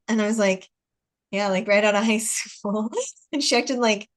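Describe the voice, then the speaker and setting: A woman's voice: medium pitch, fairly even intonation, normal speed. An American woman in her forties hosting a casual video call chat, telling stories with frequent laughter and acted-out dialogue. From United States. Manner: chatty storyteller, laughs often, acts out dialogue. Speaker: host.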